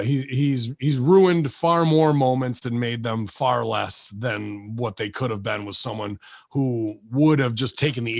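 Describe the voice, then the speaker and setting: A man's voice: medium pitch, creaky, dry recording, clean studio sound. A man in his forties, a wrestling veteran guest on a casual podcast, swearing freely and acting out voices as he tells stories. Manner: profane, animated, acts out voices in stories.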